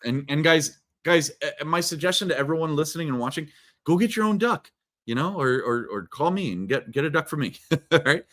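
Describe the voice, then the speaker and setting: A man telling stories as a guest in a live video interview, energetic and playful. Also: on the high side, a little fast. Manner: energetic, playful, many restarts. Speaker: guest, keynote speaker. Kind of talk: animated storytelling in a live interview.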